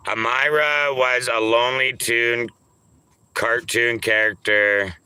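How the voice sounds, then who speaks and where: A man streaming and reading chat in a casual way, teasing viewers, crude and offhand, repeating names in drawn-out pleading calls. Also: mid-range voice, bright, forceful tone, clean tone.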